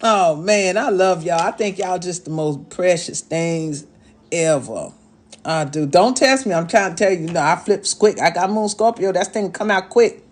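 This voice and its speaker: A woman's voice: lowish voice, normal speed. A woman hosting a casual live stream as an astrologer, talking to viewers in a sassy, motherly way and scolding and teasing them as their elder mama. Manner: sassy, motherly, calls viewers "babies" and "y'all", scolds and teases; talks as an elder mama persona. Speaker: livestream host and astrologer.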